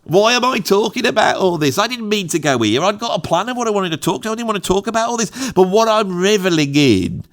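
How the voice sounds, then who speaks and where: A man's voice: sits high, expressive, fast talker, hardly any pauses. A middle-aged Englishman with an English accent, chatting to camera in a loose, jokey, digressive monologue full of anecdotes. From England. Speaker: YouTube host, drummer. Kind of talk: casual rambling monologue.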